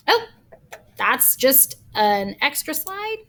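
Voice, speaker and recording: A woman's voice: on the high side, very animated, unhurried, vocal fry, pushed and bright, slight background noise. A woman teacher recording a grammar lesson, patiently explaining with examples step by step.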